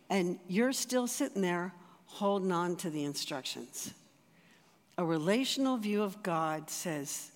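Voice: medium pitch, a little slow. A speaker giving sermon teaching to a congregation in a conversational way, with rhetorical asides to the listeners. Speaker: church teacher. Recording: long reverb in a large hall.

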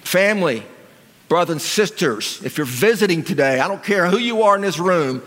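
A long reverb from the sanctuary's large hall trails this sermon. The preacher, a pastor with a voice pitched fairly high for a man and a bit bright, speaks at normal speed with lively intonation. His manner is casual and conversational, full of questions aimed at the congregation.

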